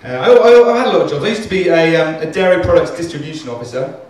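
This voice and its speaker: On a comedy club stage, a man with a fairly high, darkish voice rattles through a rambling stand-up set, talking fast and animatedly, mocking himself and swearing freely. The club is echoey, and he was recorded from a distance.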